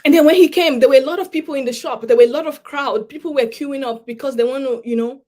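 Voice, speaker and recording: A woman giving an emotional personal testimony at a summit, halting and repeating words as she pleads earnestly with listeners. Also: high-pitched, darkish tone. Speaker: summit speaker.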